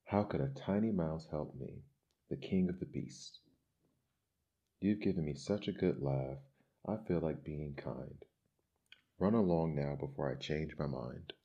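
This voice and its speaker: A man's voice: very deep voice, a little slow, pauses often, mellow, slightly rough, dull audio, heavily acted. A man playing a growling proud lion. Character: proud male lion, king of beasts, growling. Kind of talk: storybook reading.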